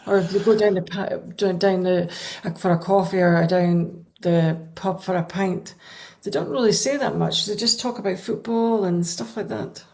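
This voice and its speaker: A woman's voice: fairly low pitch, moderate pace, a little mellow. A woman hosting a podcast, asking her guest questions with small restarts along the way. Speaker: podcast host. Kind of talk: interviewing a guest.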